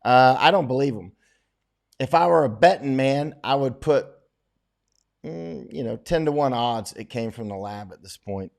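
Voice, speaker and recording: A man's voice: mid-range voice, expressive, a little slow, gravelly, a little mellow. Opinionated middle-aged man chatting casually. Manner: rambling, opinionated, frequent restarts. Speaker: host answering viewer questions. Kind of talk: casual livestream chat.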